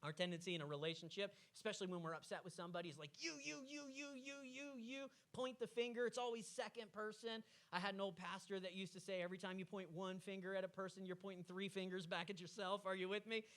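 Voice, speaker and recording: A man with a high, bright voice, preaching on marriage from a church stage. He talks in an animated way and jumps into quoted arguments with lively energy. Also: fast, few pauses. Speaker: pastor. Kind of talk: sermon on marriage.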